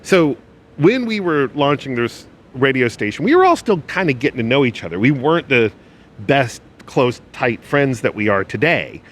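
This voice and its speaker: A man on a podcast, a former radio programmer, reminiscing in casual chat with many halting restarts, at times choked up. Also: medium pitch, very animated, a bit bright, a little hiss or hum.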